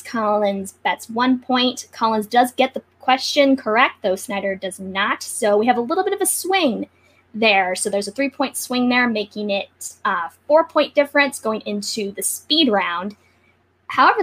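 A woman co-host on a video call, giving a steady play-by-play recap of a game show match. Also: on the high side.

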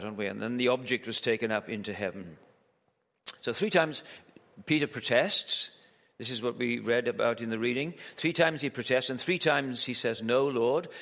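A man's voice: mid-range voice, vocal fry, fairly bright tone. A man preaching a sermon at a church camp in a conversational, joking way, asking his listeners lots of rhetorical questions. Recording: echoey hall with long reverb.

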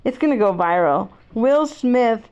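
A woman's voice: a little high, lively intonation, unhurried, a little mellow, smooth, highs cut off. A middle-aged woman vlogging in a rambling, outspoken, opinionated casual monologue.

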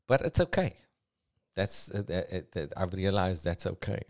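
A middle-aged man hosts a loose, comedic solo podcast. His voice sits on the low side, and he swings between half-mumbled asides and sudden loud jokes. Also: very animated, a little slow. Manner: rambling, self-mocking, jumping between mumbles and bursts. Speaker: podcast host.

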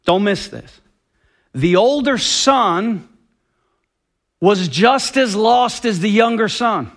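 A man's voice: high-pitched, animated, slow. A man preaching a sermon with passion and emphasis, often acting out quoted dialogue. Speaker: pastor.

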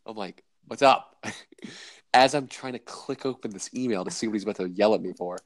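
A man's voice: fairly low pitch, fairly quick, no room sound. A young man co-hosting a casual podcast, telling stories with a laugh and acting out quotes. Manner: laughing, animated storytelling with acted quotes. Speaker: podcast co-host.

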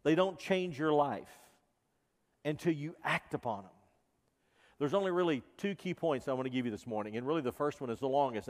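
A man preaching a sermon as pastor, impassioned, moving between loud emphasis and hushed intensity. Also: a little high. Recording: reverberant hall.

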